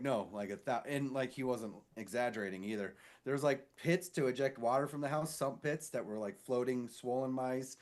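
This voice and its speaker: A married man co-hosting a casual podcast, telling a rambling story full of swearing and quick impressions of other people. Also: medium pitch. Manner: rambling, animated, swears freely; mimics others with shifted voices in stories. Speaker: podcast co-host.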